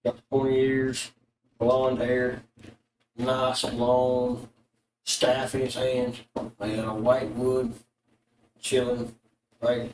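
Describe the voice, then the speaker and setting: A man narrates a tabletop game as its game master, rambling along loosely and full of fillers. His voice sits at an ordinary pitch. He is heard from a distance, in a room with a lot of echo. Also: darkish tone, slight background noise. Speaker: dungeon master.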